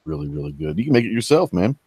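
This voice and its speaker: A man in a casual online chat, tossing in quick joking asides. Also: low voice, sing-song, warm tone, slightly rough, dry recording, studio quality.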